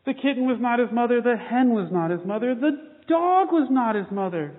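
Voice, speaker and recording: A man giving a children's sermon, reading a picture book aloud before turning to the day's scripture. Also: normal speed. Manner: animated read-aloud. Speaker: pastor. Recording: phone-like boomy hall sound.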